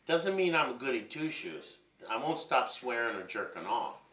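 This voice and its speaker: A man's voice: medium pitch, normal speed. A man in his fifties telling rambling, profane stories in a candid monologue. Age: 50s. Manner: profane, rambling, animated storytelling. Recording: roomy and distant from mic.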